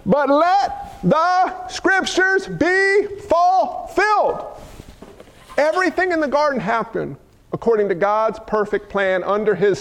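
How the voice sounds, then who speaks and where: A man preaching a sermon as pastor, fiery and animated, calling out to the congregation for responses and dropping folksy asides and loud exclamations. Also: sits high, gravelly.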